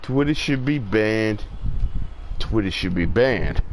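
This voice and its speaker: Slow, animated man ranting. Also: lowish voice, background noise. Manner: profane, rambling, worked-up ranting. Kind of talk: rambling casual monologue.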